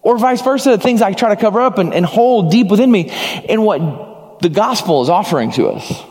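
A man's voice: sits high, lively intonation, moderate pace, a little mellow, big-room sound. A man preaching a sermon as pastor, earnest, acting out short dialogues as he speaks.

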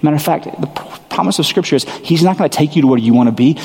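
A man's voice: a little high, rapid-fire, vocal fry, darkish tone, breathy edge. A man preaching a sermon as a pastor, earnest and emphatic, often repeating his phrases for weight. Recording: long hall reverb.

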